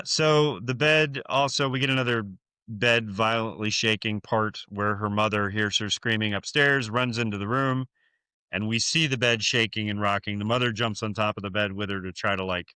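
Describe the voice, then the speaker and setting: Fairly low in pitch and moderately paced, this man's voice is pushed, bright, clear and resonant, with no echo. He's an American podcast co-host loosely retelling a horror film, swearing often and leaning on fillers.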